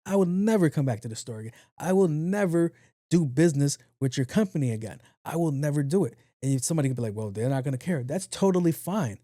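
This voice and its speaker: A man hosting a podcast in a casual monologue, talking low and evenly, blunt and profane. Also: fast talker, no room sound, clean studio sound. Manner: low-key, talks in a low even voice. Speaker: podcast host.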